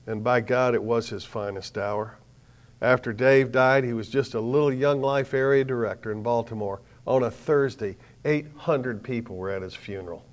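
With a medium-pitched voice, an older man preaches in storytelling fashion. He shifts from near-whispers to loud bursts and leans on dramatic pauses.

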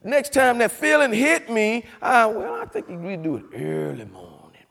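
A man, a former football player giving a folksy, animated testimony with a preaching cadence. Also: extremely high pitch, measured pace, creaky, background noise. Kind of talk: storytelling speech. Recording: long reverb of a hall.

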